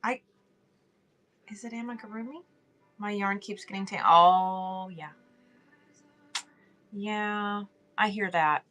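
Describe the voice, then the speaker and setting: A woman's voice: medium pitch, slow pace, long pauses, a bit bright. A middle-aged woman, hosting a casual livestream chat, reading chat aloud and laughing often. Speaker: livestream host.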